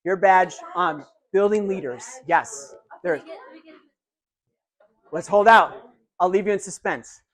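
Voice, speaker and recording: A man giving a live motivational keynote, energetic and interactive, calling out to a big audience in a large hall. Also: high-pitched, slow pace, long pauses. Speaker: keynote speaker.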